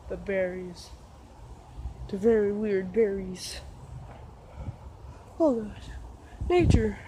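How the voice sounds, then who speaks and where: A woman vlogging on a nature trail, out of breath and deadpan, listing what she walks past. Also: mid-range voice, extremely slow, long pauses. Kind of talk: casual vlog narration while hiking. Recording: faint outdoor background noise.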